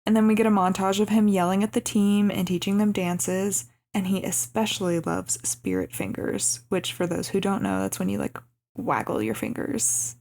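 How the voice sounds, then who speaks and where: A young woman co-hosting a podcast who recaps a movie casually and acts out the quoted lines with lively changes of voice. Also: mid-range voice, moderate pace. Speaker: podcast co-host.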